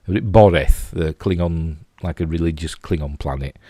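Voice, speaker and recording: Yorkshire man, very low voice, dry close sound, chatty rambling reviewer. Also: moderate pace, mellow, slightly rough, no room sound. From Yorkshire, England. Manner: rambling, lots of "you know" and restarts. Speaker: TV episode reviewer. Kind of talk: casual spoken review.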